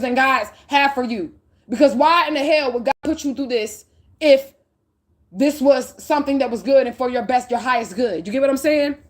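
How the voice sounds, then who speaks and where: A middle-aged woman giving a spiritual reading, preaching bluntly and profanely with heavy emphasis. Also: sits high. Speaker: spiritual reader.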